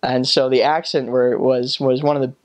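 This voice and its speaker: A man in his twenties, a former missionary, talking casually and haltingly about his time abroad. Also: mid-range voice. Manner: relaxed, halting, full of fillers. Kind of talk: casual storytelling.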